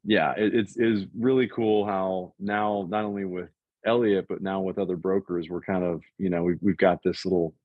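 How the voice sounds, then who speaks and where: A man in his fifties from the US East Coast, telling a business story in casual, animated chat and acting out what other people said. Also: sits low, no room sound. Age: 50s. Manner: animated, fast, acts out other people's quotes. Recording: dull, dry, lo-fi sound.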